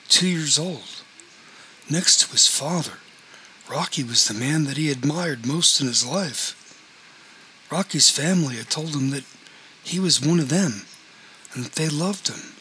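A man's voice: mid-range voice, sharp tone, slight background noise, poor audio. A man narrating a story aloud, reading the characters' dialogue with only mild changes in his voice. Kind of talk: audiobook narration.

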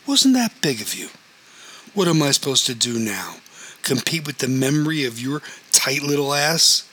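A man's voice: mid-range voice, sing-song, moderate pace, bright, forceful tone, breathy edge, exaggerated voice, poor audio. A man voicing a betrayed wife who confronts her cousin with bitter, accusing questions that keep getting sharper. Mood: furious.

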